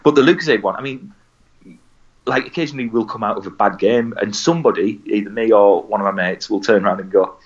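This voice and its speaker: A man's voice: fairly low pitch, fast, dull audio. A man from England co-hosting a casual podcast, chatty and rambling, with a mocking streak. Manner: chatty, rambling, mocks adverts with put-on voices. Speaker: podcast co-host.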